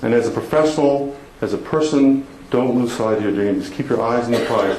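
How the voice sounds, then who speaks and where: A man from Canada telling a personal story as a motivational speaker at a conference, animated and laughing as he talks. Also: mid-range voice, brisk, a little hiss or hum. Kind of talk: storytelling keynote speech. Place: conference hall. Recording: echoey hall, faint ambience.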